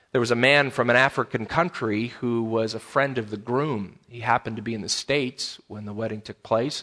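A man's voice: mid-range voice, fairly bright tone. A man, a pastor, preaching a sermon in a conversational way, repeating key phrases for emphasis.

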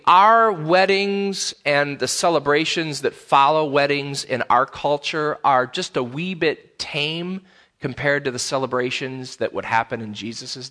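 Bright-voiced man preaching a sermon. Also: medium pitch. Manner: conversational preaching with emphatic repetitions. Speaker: pastor.

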